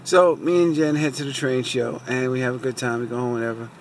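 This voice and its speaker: A man's voice: medium pitch, fairly even intonation, brisk, a little hiss or hum. A man telling a long, rambling story about a car dealership mix-up in a casual vlog, sitting in a parked car and airing his frustration. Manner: rambling, repeats fillers like "so anyway"; aggrieved, venting frustration. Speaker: car vlogger.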